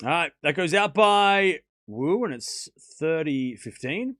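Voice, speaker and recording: High, lively male streamer. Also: slow, dry recording, clean studio sound. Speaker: host of a live tennis watchalong stream. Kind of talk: casual live commentary and chat.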